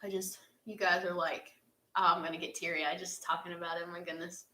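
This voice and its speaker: A woman's voice: on the low side, little pitch movement, fairly quick, pushed and bright. A young woman answers fan questions in an earnest, heartfelt casual chat, with laughs along the way. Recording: echoey room.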